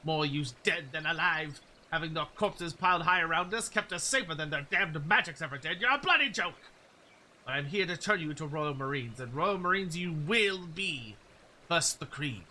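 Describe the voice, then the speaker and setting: A man voicing a gruff veteran drill sergeant who barks scornful orders at recruits, reading game dialogue aloud. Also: fairly high pitch, lively intonation, normal speed, pushed and bright, slight background noise. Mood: barking. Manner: barking, scornful.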